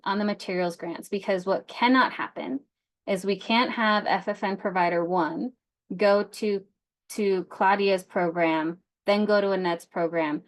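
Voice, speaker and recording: A woman leading a grant information session, speaking casually with frequent fillers. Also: medium pitch. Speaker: grant program presenter.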